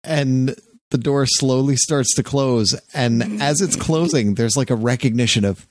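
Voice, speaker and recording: A man hosting a podcast, chatting casually and retelling an anecdote with lively jumps into quoted voices. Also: normal speed, no echo. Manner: animated storyteller, jumps up in pitch for quoted voices. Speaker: podcast host.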